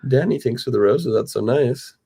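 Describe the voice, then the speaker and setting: A man's voice: mid-range voice, moderate pace, gravelly, slightly rough. A man co-hosting a casual livestream, playful and teasing as he chats with viewers. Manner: playful and teasing, lively delivery. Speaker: livestream co-host.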